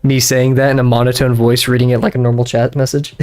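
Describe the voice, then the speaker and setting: In a clean, slightly mellow mid-range voice, a young man talks quickly and levelly while he draws, streaming from his bedroom. The casual chat is rambling and distracted, packed with fillers and restarts, and he laughs a lot.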